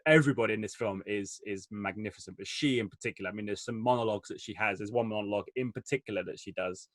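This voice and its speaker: A man, an enthusiastic film critic chatting casually through a review in quick rushes. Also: fairly low pitch, a bit bright, no echo.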